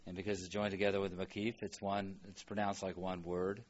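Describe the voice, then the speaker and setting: A man teaching a Bible language lesson, slowly sounding out and repeating words for students to follow. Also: low-pitched, flat delivery, highs cut off. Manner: slow, repeats words aloud for practice. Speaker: Hebrew teacher.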